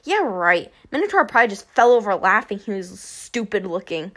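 A woman voicing a big, husky teenage bully girl who sneers and taunts in an audiobook. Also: mid-range voice, sing-song, moderate pace, fairly bright tone, voice pushed down. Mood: sneering. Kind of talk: audiobook character voice.

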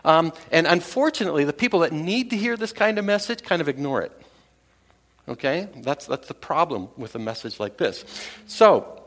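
A man's voice: on the high side, animated, normal speed, fairly bright tone. A man preaching a casual sermon to his congregation, talking conversationally with many fillers and restarts and chuckling at his own jokes. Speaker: pastor.

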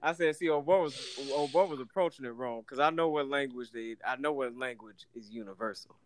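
A man's voice: mid-range voice, brisk. A man, casually telling a story, acting out the people in it and laughing often. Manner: animated, acts out voices in anecdotes, laughs often.

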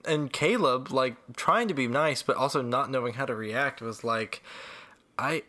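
A man's voice: mid-range voice, measured pace. A man on a podcast telling an anecdote in casual chat, acting out the people in it and laughing often. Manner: animated storyteller, laughs often, acts out quotes. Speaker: podcast co-host.

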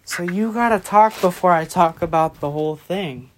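A man's voice: sits high, normal speed, a little hiss or hum. A drunk young man in casual late-night chat, rambling loosely and drifting off track.

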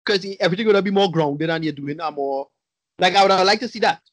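A man's voice: sits high, fast, a bit bright, dry recording. A man in casual podcast chat reviewing a movie, blunt, rambling and profane.

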